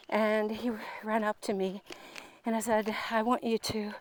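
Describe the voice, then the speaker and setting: A woman telling a personal spiritual story in an earnest, halting way, repeating and restarting her words. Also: medium pitch, level tone, dry recording. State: tearful, voice breaking. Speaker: speaker sharing a personal story.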